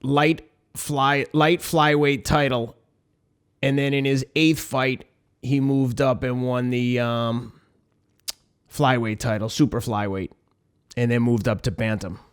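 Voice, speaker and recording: A male podcast co-host chimes in with facts, speaking in a measured way with hesitant fillers. He talks slowly, and his voice is smooth and clear. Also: mid-range voice, level tone. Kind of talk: casual podcast talk.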